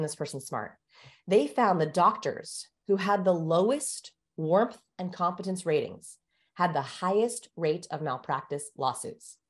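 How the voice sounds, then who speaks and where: Woman guest with a fairly low voice, explains things energetically like a teacher. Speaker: guest communication researcher. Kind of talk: explanatory interview talk.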